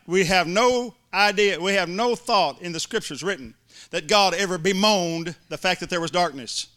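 A man's voice: high voice, normal speed, pushed and bright. A male preacher, delivering an emphatic sermon to a congregation and mimicking complainers in little voices. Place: church before a congregation.

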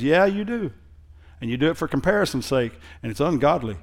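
Male pastor, fairly high voice, chatty sermon style that swells into loud emphasis. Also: animated. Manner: conversational, rising to loud emphatic preaching; reads scripture in a slow, mocking sarcastic tone.

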